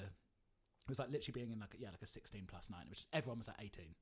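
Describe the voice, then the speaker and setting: A woman co-hosting a podcast, telling an animated story in casual chat, swearing freely and saying like a lot. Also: a bass voice, very fast, slightly rough. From England. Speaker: podcast co-host.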